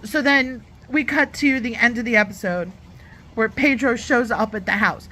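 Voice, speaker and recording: A woman's voice: on the high side, moderate pace, pushed and bright. A woman giving a chatty, opinionated review of a reality show in her own vlog, sometimes acting out lines in other voices. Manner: chatty and opinionated, acts out quotes. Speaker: YouTube reviewer.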